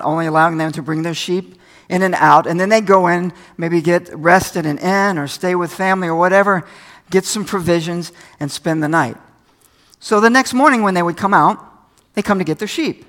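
An older man with a fairly high voice gives a sermon. His delivery is folksy and conversational, mixing stories from home with scripture. He sounds a little tired. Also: a bit bright. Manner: folksy, conversational preaching with anecdotes. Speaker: pastor.

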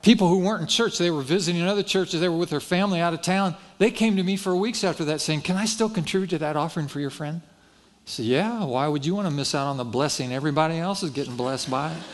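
In a fast, high-leaning male voice, a pastor spins a folksy, self-deprecating story within his sermon, acting out each line of dialogue.

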